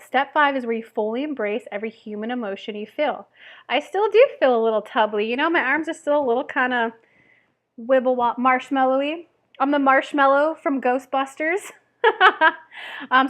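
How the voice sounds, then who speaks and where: A woman's voice: sits high, a bit bright. A young woman from Tennessee, chatting casually and bubbly to camera about her weight loss, with many fillers and laughs.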